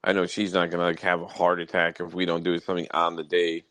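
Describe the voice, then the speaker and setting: A man's voice: sits low, completely flat delivery, fast talker, fairly bright tone, no echo, poor audio. A young adult man hosting a casual podcast chat, telling profane stories and getting worked up as he talks. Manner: profane, storytelling, gets worked up. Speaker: podcast host.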